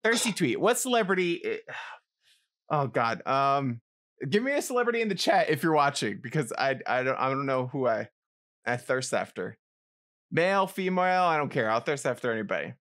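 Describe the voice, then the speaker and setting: A man co-hosting a casual podcast, excitable and jumpy, swinging from mumbles to yelps. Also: medium pitch, moderate pace. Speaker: podcast co-host. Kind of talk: casual chat.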